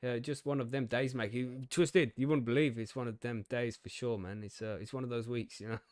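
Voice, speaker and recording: A man's voice: medium pitch, fairly even intonation, brisk, darkish tone, dry recording. A man in his usual middle register hosts a casual live stream, rambling through technical trouble and poking fun at himself. He swears freely and laughs easily. The sound is close and dry, with no room around it. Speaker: podcast host.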